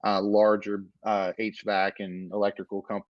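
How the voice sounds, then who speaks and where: A man with a fairly low voice tells a winding story as a podcast guest, full of fillers and restarts. The sound is dry and close, a bit dull and lo-fi. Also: monotone, normal speed, no room sound. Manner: rambling, filler-heavy storytelling. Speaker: podcast guest, business owner. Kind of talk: casual storytelling interview.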